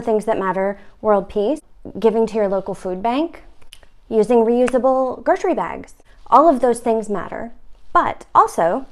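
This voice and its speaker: A woman's voice: fairly high pitch, a little mellow. A woman hosting a comic instructional video about real estate, talking in a wry, mock-stern, playful way.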